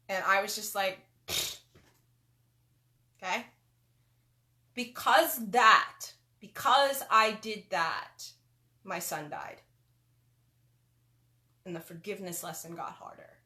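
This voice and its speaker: A woman hosting a spiritual teaching talk, speaking emphatically and swinging between loud stresses and soft asides. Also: mid-range voice. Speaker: host.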